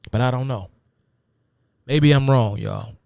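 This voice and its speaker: A man's voice: mid-range voice, measured pace, gravelly, a little mellow, clear, resonant tone, no echo, studio quality. A man hosting a live stream, giving a rambling, casual lecture full of fillers and asides to his viewers. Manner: rambling, many fillers, addresses viewers as y'all. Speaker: host of a live talk stream.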